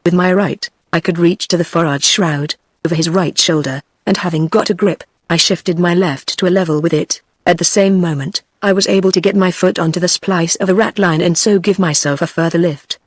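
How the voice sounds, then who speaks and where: A text-to-speech voice of a woman with a British English accent, reading a novel aloud in the same even delivery for narration and dialogue. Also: fairly low pitch, dry recording, clean studio sound. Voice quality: even synthetic delivery, quoted lines read in the same voice.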